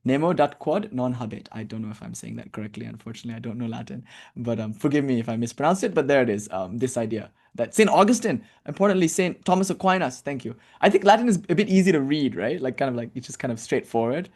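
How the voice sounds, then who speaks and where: A man teaching a casual spiritual lecture, animated and blunt, who swears now and then and acts out examples. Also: mid-range voice, fast talker.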